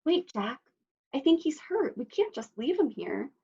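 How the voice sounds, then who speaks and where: A kind farm mother from a storybook speaks gently and with concern, as a woman reading aloud plays her. The audio is slightly dull. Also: high voice, very animated, measured pace, gravelly, voice pushed up, exaggerated voice.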